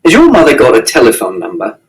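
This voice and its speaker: A man doing a dry, slow-talking policeman. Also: mid-range voice, huge pitch swings, voice pushed down. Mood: patient. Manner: dry, slow, mildly exasperated. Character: wry, patient middle-aged male policeman. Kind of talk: reading a novel aloud. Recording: distant mic.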